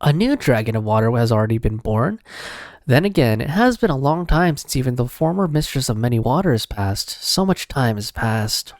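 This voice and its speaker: A man voicing an old, formal male guide from an ancient underwater city, telling its history slowly and solemnly in a lowered voice. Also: sing-song, darkish tone, no room sound, clean studio sound. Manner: low, slow, solemn storytelling.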